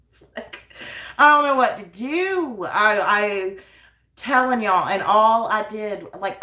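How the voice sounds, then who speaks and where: A woman with a bright, sharp voice chats to her livestream viewers in a loose, animated way. She laughs often and keeps dropping "like" and "you know." Her voice bounces around an echoey room at home. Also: medium pitch. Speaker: livestream host of a yarn channel. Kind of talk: casual storytelling to viewers.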